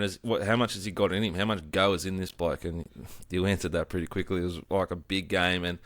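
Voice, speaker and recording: An Australian man co-hosting a podcast, bantering easily and leading into the next segment. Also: low-pitched. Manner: easygoing banter, leads segments. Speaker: podcast co-host. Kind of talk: casual chat.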